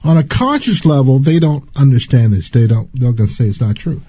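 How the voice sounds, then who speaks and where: A man giving an earnest, slow and deliberate personal spiritual testimony. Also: mid-range voice, animated, warm tone, breathy edge, dry recording, highs cut off. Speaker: spiritual speaker.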